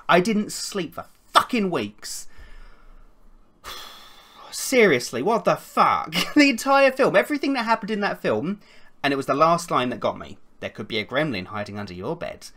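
A woman playing a horror game out loud, jumpy, swearing often and stammering when scared. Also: on the low side, slight background noise. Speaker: let's play gamer.

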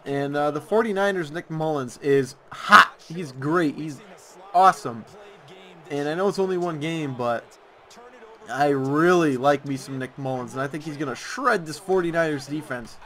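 Over gameplay footage, a young man makes football predictions for his YouTube audience in a sarcastic rant, stretching words out to stress them. His voice is on the high side, pushed and bright, at a normal speed.

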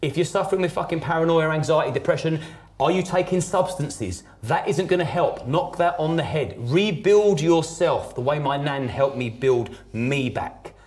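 A man's voice: on the high side, moderate pace, darkish tone. A man telling his personal story as a podcast guest, blunt and emphatic, swearing heavily.

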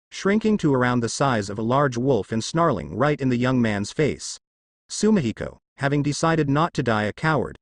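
A man reading a fan fiction story aloud as narrator, brisk and steady. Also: medium pitch, no echo, studio quality.

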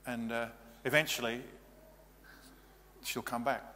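A man's voice: mid-range voice, steady tone, slow pace, bright, forceful tone. A male pastor giving a practical, matter-of-fact teaching sermon in a church. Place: church hall. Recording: reverberant hall, faint hum.

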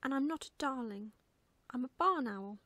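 A woman's voice: expressive, normal speed, fairly bright tone, no echo. Woman whispering as an eager little owlet. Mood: indignant. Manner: breathless, high and eager. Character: eager excitable young male barn owlet. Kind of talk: whispered role-play.

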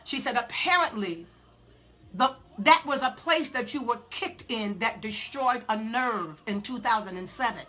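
A woman preaching a sermon, telling a halting, emotional testimony and building to shouted preaching. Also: on the high side, lively intonation.

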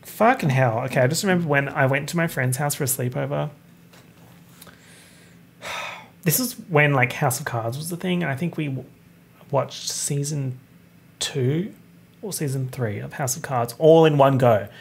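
A young man hosting a casual solo podcast, talking in an animated, campy way and swearing freely. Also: medium pitch, moderate pace, vocal fry, long pauses, a little hiss or hum. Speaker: podcast host.

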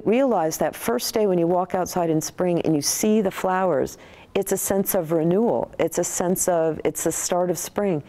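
A middle-aged woman neuroscientist recounting research in an interview, thoughtful and animated, with frequent restarts. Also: fairly low pitch, vocal fry.

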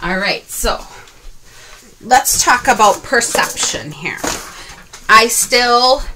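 A woman's voice: a little high, animated, slow pace, noisy background. A woman beauty vlogger at home, talking casually and rambling a little about her makeup. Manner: chatty and rambling, self-aware.

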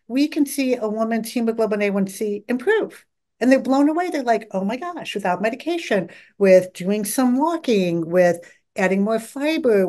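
A middle-aged woman answers questions on a podcast as a guest expert. She talks at length with eager energy and often acts out what her patients say. Her voice sits at an everyday middle pitch. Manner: enthusiastic, talkative, quotes patients in lively voices. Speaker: dietitian guest. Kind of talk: podcast interview.

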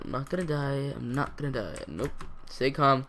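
A teenage boy talks through his gameplay at a desk mic, rambling and thinking out loud, with a middling voice for his age. He breaks into sudden excited yelps now and then. Faint keyboard clatter sits behind him. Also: mid-range voice, a little fast, slight background noise. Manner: rambling, self-talking, jumpy excitable outbursts. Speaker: gaming channel host. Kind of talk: casual gameplay commentary.

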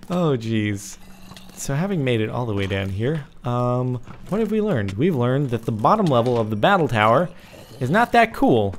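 A young man in his twenties giving casual, excitable commentary while playing a survival game, with sudden yelps. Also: medium pitch, slight background noise. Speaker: gaming video host. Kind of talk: casual let's play commentary.

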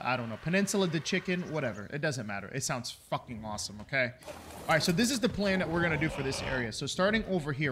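A man's voice: mid-range voice, fairly bright tone. Young guy doing a chill let's-play into his mic, rambly and sweary, normal mid voice, little bit of background hum. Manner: chatty and rambling, swears casually, jokes at himself. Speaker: gaming video creator. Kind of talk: casual let's-play commentary.

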